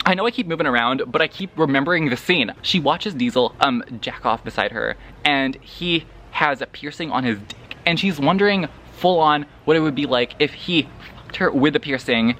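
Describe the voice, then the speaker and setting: A man giving a casual spoiler book review vlog, animated and dramatic, with crude jokes and laughing asides. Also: fairly high pitch, normal speed, a little hiss or hum. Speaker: book vlogger.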